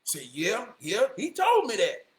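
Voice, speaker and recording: A man with a drawl spins a rambling tale in a very high voice, often raising it to a shout and acting out each friend. The sound bounces around an echoey room. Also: unhurried. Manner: animated, often shouting, slips into quoted voices. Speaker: storyteller. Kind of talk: casual storytelling.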